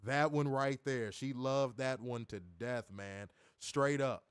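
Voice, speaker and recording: A man hosting a casual live stream, joking loudly, laughing often and reading out donations. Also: medium pitch, slow pace, smooth, dry recording, clean studio sound. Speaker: wrestling stream host.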